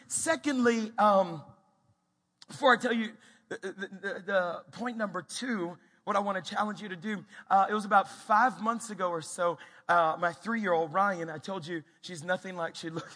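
A man preaching a sermon in a church, swinging between lively storytelling and hushed, slow emphasis. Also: high voice, slightly rough. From Texas. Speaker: pastor. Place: church sanctuary. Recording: long reverb of a church hall. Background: hall reverb.

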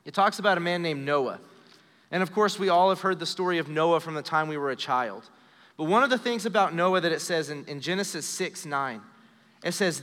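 A man in his thirties preaches with earnest conviction, his voice sitting a little high for a man. His lines ring out into the long reverb of a church sanctuary. He sinks into a soft, hushed tone when a story turns personal. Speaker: pastor. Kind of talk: sermon. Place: church sanctuary during a live service.

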